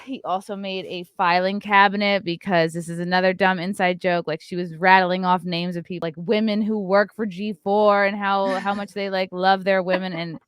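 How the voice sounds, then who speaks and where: A woman hosting a podcast, chatting casually and reading a sponsor spot in an animated, quick-aside way. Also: mid-range voice, smooth, no echo, clean studio sound. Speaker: podcast host. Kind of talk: casual chat and sponsor read.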